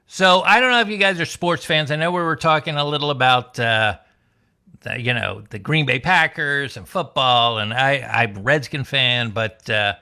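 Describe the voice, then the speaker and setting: A man doing a wry, deadpan stand-up comedy set alone in his room, telling stories and singing silly songs. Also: medium pitch, moderate pace, clean tone. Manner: wry, deadpan storytelling with sung bits. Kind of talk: stand-up set over video call.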